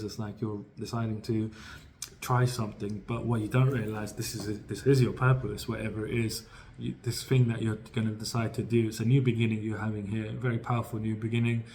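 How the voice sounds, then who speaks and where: A man with a lowish voice talks through a tarot reading in a casual, meandering way. His delivery stays flat and even, and he circles back over the same phrases with plenty of ums. Faint room noise sits behind him. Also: rough recording. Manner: rambling, filler-heavy, repeats himself. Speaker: tarot reader.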